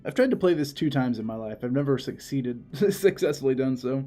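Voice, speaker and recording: A man's voice: medium pitch, lively intonation, a little fast, mellow, faint music behind. A young man casually chatting while playing a video game as a co-host, laughing often and trailing off mid-thought. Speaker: let's play co-host. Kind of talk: casual gameplay commentary.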